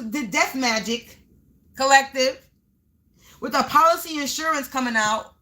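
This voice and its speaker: Bright, high-voiced woman giving an emphatic reading. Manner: emphatic, repetitive, breaks into yelling. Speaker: spiritual reader. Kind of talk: live tarot-style energy reading.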